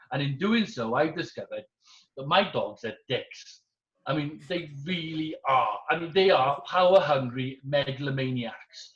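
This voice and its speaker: British stand-up guy, dry and wry, kinda high voice, echoey muffled sound. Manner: wry, deadpan observational. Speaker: comedian. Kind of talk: stand-up comedy. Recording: roomy, dull-sounding.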